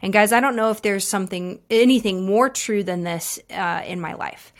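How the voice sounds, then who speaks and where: A woman's voice: medium pitch, normal speed, hardly any pauses. A woman in her thirties hosting a devotional podcast, talking in an earnest, encouraging way with casual fillers. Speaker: podcast host.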